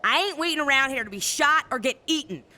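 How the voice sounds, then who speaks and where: A woman's voice: high-pitched, expressive, fast, pushed and bright, exaggerated voice. A woman playing a cursing, hard-bitten outlaw woman. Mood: scornful. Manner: coarse, cursing, blunt. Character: tough foul-mouthed female outlaw. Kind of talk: audio drama acting.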